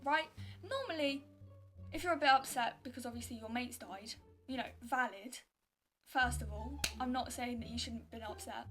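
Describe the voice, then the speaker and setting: A young woman, telling stories and reacting in a chatty, exasperated way, full of "like". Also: on the high side. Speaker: YouTuber. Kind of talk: casual storytelling and reacting. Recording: music playing underneath.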